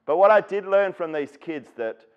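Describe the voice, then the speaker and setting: Here a man from Western Australia, Australian accent and all, gives an earnest storytelling talk about his own life at an education event, performing the lines of those he quotes. The recording is muffled, but his high voice comes through animated and clean-toned at a moderate pace.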